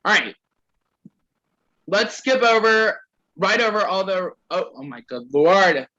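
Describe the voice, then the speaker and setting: Young man, bright voice, slightly high, reading roasts aloud, stumbling, muffled call audio. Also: expressive, slow pace. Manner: reads others' roasts aloud, stumbling and laughing at lines.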